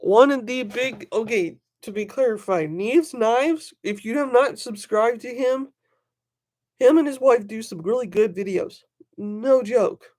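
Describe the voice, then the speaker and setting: A knife collector chatting casually on a livestream, excitable and rambling, talking to viewers in the chat by name. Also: medium pitch, a little slow.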